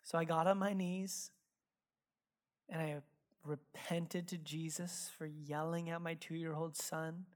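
A man preaching a sermon, telling stories from his own life in a casual, animated way full of "like" asides. He drops into hushed, earnest tones when he turns reflective. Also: on the high side, slow. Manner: casual, animated, filler-heavy delivery. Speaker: pastor. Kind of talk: sermon with personal storytelling. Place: church sanctuary.

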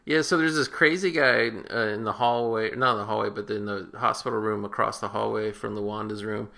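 A man's voice: lowish voice, steady tone, a little fast, gravelly, pushed and bright. A man co-hosting a podcast, rambling crudely through a film recap and correcting himself as he goes. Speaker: podcast co-host. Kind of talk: casual film-review chat.

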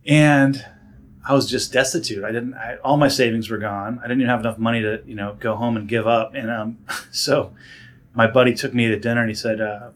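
A man in a casual interview, telling stories from his career at an animated pace. He fills his talk with "um" and "like", restarts his sentences, and often jumps into other people's voices. His pitch sits in a plain middle range. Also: brisk. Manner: animated storyteller, many fillers and restarts, acts out voices. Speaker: guest, director and actor.

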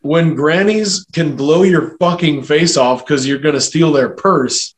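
Profane, animated storytelling man. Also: a little high, measured pace, few pauses. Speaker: podcast co-host. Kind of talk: casual storytelling chat.

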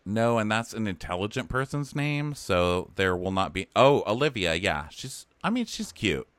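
Sarcastic man with a lively voice. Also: fairly low pitch, moderate pace, no room sound. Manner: sarcastic, animated, acts out characters. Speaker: podcast co-host. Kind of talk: casual chat recapping a TV show.

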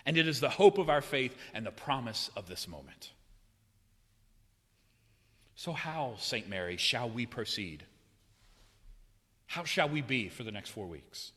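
A man preaching a sermon in a church, swinging between loud, raised cries and hushed, low passages. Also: very animated, measured pace, pauses often, husky. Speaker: pastor. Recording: long hall reverb.

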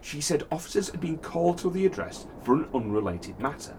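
A man's voice: on the high side, big pitch swings, fairly quick, a little mellow, slight background noise. A man hosting a casual chat, reading a news story aloud and often laughing.

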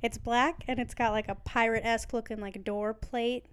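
Young female co-host, clear voice, chatty, giggly. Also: on the high side, steady tone, moderate pace. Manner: bubbly, rambling, laughs often. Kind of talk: casual chat.

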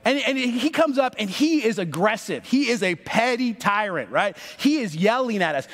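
A man in his thirties, a pastor telling a story in a sermon, animated and acting out the voices of the people in it. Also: sits high, normal speed, hardly any pauses. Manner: animated, acts out voices in stories. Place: church sanctuary. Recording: long reverb of a large hall.

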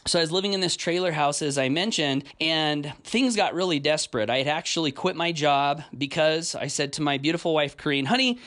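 A man's voice: a little high, a bit bright. A man in his forties hosting a podcast, telling a personal story in an earnest, emotional way with frequent restarts. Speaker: podcast host.

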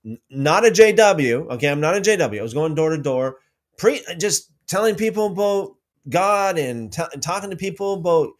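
A man hosting a casual livestream about faith, reading out viewer comments and telling stories with many restarts. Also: normal speed. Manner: rambling, restarts often, lively pitch swings when telling stories.

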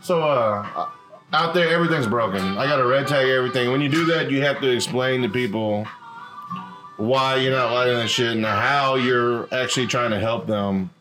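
A man's voice: medium pitch, moderate pace, over music. A man who works as a gas technician, telling work stories in casual chat, exasperated and profane.

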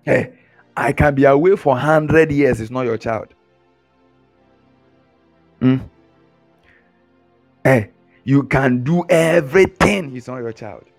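A man's voice: medium pitch, takes it slowly, vocal fry, long pauses, faint music behind. A man preaching a sermon, teasing his listeners with mocking imitations and chuckles. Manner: animated, mocking mimicry, frequent chuckles.

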